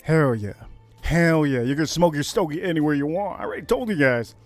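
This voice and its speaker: Hyped brash guy from miami doing a whiskey livestream, kinda high voice, faint music behind. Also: lively intonation, fairly quick, dry recording. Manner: hyped, brash, jumps to high shouts on catchphrases. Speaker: livestream host reviewing whiskey. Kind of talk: casual livestream chat.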